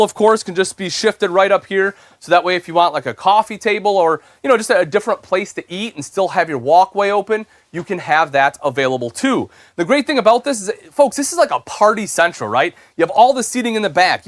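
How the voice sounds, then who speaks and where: A man's voice: high-pitched, no echo. A young man presenting an RV on a live show tour, giving an upbeat, salesy walkthrough inside the vehicle and calling viewers folks.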